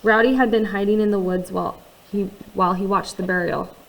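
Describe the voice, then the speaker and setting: A woman reads a first-person novel aloud, her voice at a medium pitch. She keeps it quiet and confiding, dropping in conversational asides to the listener. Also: fairly even intonation, brisk, a little hiss or hum, low-quality recording. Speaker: audiobook reader.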